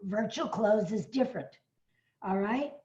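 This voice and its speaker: Woman, speaker trainer on a webinar, slightly hoarse, excitable sales energy, dull lo-fi sound. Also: mid-range voice, measured pace. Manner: excitable, bursts of cheering, frequent fillers. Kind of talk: enthusiastic sales pitch on a video call. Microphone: video call.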